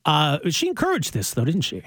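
Lively male radio host. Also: a little high, a little fast, husky, dry recording. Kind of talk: radio interview.

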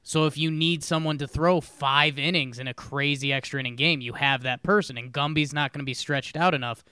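A man's voice: a little high, fairly even intonation, brisk, sharp tone, clean tone, dry recording, studio quality. A man co-hosting a casual sports podcast, wry and mock-earnest, recapping games with puns. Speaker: podcast co-host.

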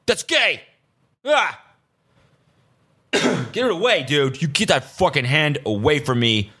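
A man voicing a macho guy who is mocked for freaking out over a painted nail, in a loud, scandalized way. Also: fairly high pitch, very animated, takes it slowly, breathy edge, pitched above the performer's own voice, exaggerated voice. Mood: mocking disgust.

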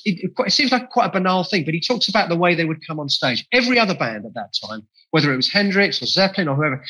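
A man's voice: fairly high pitch, bright, forceful tone, low-quality recording. A man being interviewed as a musician guest, talking with enthusiasm and reflection, often restarting phrases. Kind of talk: podcast interview conversation.

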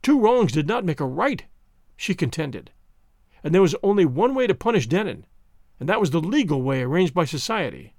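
A man narrating a novel as an expressive, dramatic audiobook reading. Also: on the high side, normal speed, no echo, clean studio sound.

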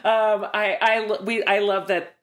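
A woman's voice: mid-range voice, steady tone, unhurried. A middle-aged woman hosting a podcast, chatting casually and effusively, often self-deprecating. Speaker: podcast host. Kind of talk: casual interview chat.

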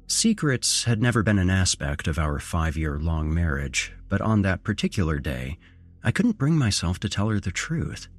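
A man narrating a first-person horror story as a podcast host, with measured pacing and dramatic shifts in intonation. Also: deep voice, big pitch swings.

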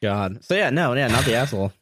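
A man's voice: mid-range voice, expressive, quick pace, fairly bright tone, breathy edge, no room sound, clean studio sound. A young man co-hosting a podcast, talking in casual, crude banter, often joking and laughing. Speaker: podcast co-host.

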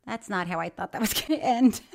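A woman's voice: medium pitch, fairly quick, gravelly, a little hiss or hum. Giggly chatty woman reading listener mail. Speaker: podcast co-host. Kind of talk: casual chat, reading listener mail aloud.

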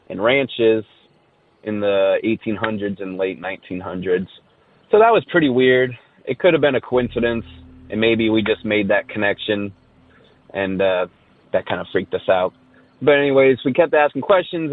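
A man's voice: medium pitch, moderate pace, no room sound. Man on a tinny phone line. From Southern California. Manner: rambling storyteller, many fillers. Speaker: caller sharing a ghost story. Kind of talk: casual recorded voice message.

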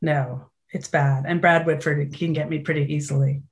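Animated woman telling stage stories. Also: sits low, normal speed. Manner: animated storytelling, acts out quotes. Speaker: actress guest. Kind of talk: casual interview chat.

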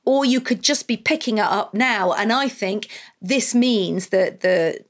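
A woman's voice: medium pitch, a little slow. A woman co-hosting a podcast in casual chat, teasing and talking over her co-host.

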